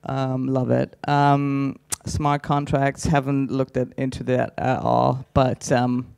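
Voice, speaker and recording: A man's voice: medium pitch, completely flat delivery, slow, creaky, darkish tone, clean tone. A man doing stand-up crowd work on a conference stage, brash and teasing, swearing freely as he ribs the audience. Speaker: stand-up comedian.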